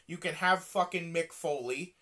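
A podcast co-host in a casual wrestling chat, riffing excitedly and swearing. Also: mid-range voice, moderate pace, a crowd in the background.

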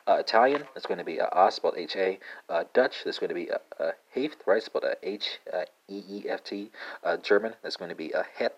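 A man hosting a casual language lesson podcast, halting with many fillers and asking "right?" after nearly every word. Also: low voice, breathy edge. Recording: dull lo-fi sound.

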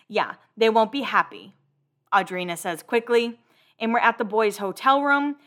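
Woman, host, casual recap chat, chatty, lots of fillers, slightly high voice. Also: normal speed, bright, forceful tone.

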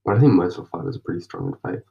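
Low gravelly Australian young man rambling. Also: animated, very fast, dark tone. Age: young adult. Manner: rambling, slangy, drifts into whispers. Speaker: vlogger journaling. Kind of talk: casual late-night monologue. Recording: dull lo-fi mic.

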